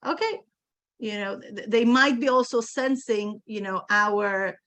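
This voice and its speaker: A woman's voice: mid-range voice, a little slow, a bit bright, dry recording. A woman teaching a casual Torah study session, emphatic, using many fillers and translating texts aloud.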